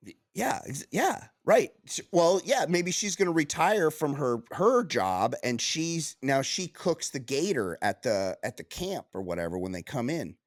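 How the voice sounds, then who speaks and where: A man co-hosting a podcast, reading news aloud and riffing on it in casual comedic banter, full of restarts and quick asides. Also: on the high side, no room sound, clean studio sound. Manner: animated, riffing, reads news aloud then jokes; frequent restarts and filler yeahs. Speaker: podcast co-host.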